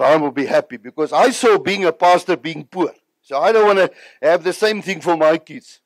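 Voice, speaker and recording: A man's voice: on the high side, dry recording. A South African man, an evangelist, telling his personal testimony in an earnest, emotional way.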